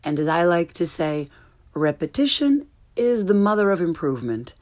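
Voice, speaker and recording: A woman's voice: on the low side, big pitch swings, normal speed, darkish tone. A woman teaching a pronunciation lesson, carefully contrasting wrong and correct forms of each word. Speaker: language teacher.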